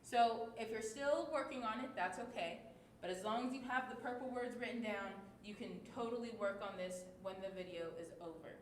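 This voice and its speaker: A woman's voice: a little high, brisk. A woman teaching a lesson for children, talking patiently and checking in often with her listeners. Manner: clear, patient teacher talk with many check-ins. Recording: echoey room with faint noise.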